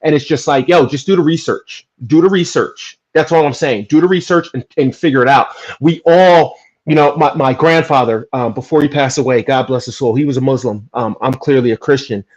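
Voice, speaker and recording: A man from New Jersey talking earnestly and emphatically in a casual podcast chat, making his case with animated bursts. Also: medium pitch, brisk. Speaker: podcast guest. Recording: dull lo-fi audio.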